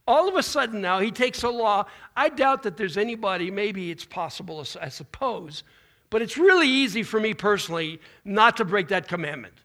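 High gravelly-voiced male pastor. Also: lively intonation, a little fast, pushed and bright. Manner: informal preaching with restarts and folksy asides. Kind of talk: conversational sermon.

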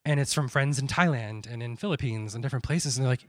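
Fast-talking and mid-range in pitch, a young missionary relates his personal story. His testimony is peppered with quoted self-talk and many false starts.

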